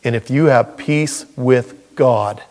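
A man's voice: mid-range voice, slow pace, darkish tone. A man preaching a sermon as pastor in a church, earnest and folksy with touches of humor.

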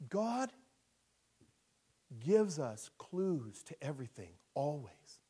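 A male pastor preaching a sermon in an animated storytelling manner, dropping to a hush and rising to shouts. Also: on the high side, moderate pace.

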